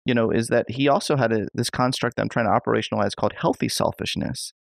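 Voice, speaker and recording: A man's voice: medium pitch, fairly even intonation, quick pace, gravelly, no room sound. A man hosting a podcast interview, enthusiastic and thinking aloud with lots of fillers. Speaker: podcast host. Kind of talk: conversational interview.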